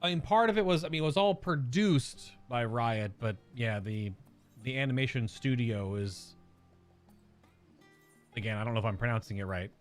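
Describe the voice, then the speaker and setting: A man's voice: medium pitch, animated, normal speed, soft background music. An American man chatting casually while streaming a game, rambling and searching aloud for words. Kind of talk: casual gameplay chat.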